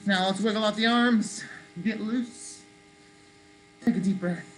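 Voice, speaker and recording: A woman leading children in a playful call-and-response movement game, coaxing them to shout along. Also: medium pitch, steady tone, unhurried, rough recording. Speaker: children's activity leader. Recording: faint mains hum.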